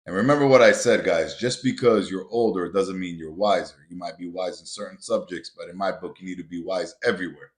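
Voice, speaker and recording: Talking straight at his audience and frequently addressing them as "guys," this man hosts a motivational podcast. His voice is very low and deep, and he delivers his advice bluntly and forcefully, swearing liberally, at a brisk pace with few pauses.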